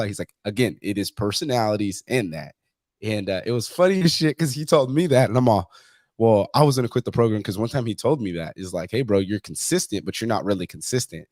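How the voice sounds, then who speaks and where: A man's voice: lowish voice, lively intonation, fast, darkish tone, dry recording, studio quality. A man talking as a fitness coach in a casual interview, blunt and profane, telling stories with quoted exchanges. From Mexican heritage.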